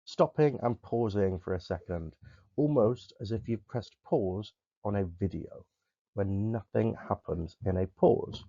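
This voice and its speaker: Mellow-voiced drama teacher. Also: male voice, on the low side, animated, slow pace, no echo. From Somerset, England. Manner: clear, explanatory, demonstrates vocal techniques. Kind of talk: recorded classroom lesson. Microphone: close desk microphone. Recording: dull, lo-fi dry recording.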